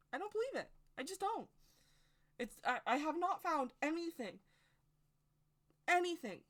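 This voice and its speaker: Woman, casual vlog monologue, emphatic, rambling, bright sharp tone, addresses viewers directly. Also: sits high. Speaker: witchcraft video creator. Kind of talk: casual opinion monologue to camera.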